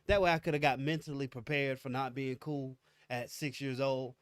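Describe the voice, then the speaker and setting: A young adult man co-hosting a casual chat, telling animated, slangy stories and acting out what people said. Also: a little high, moderate pace, clear, resonant tone, dry recording, studio quality. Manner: animated storyteller, acts out quotes, slangy. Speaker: podcast co-host.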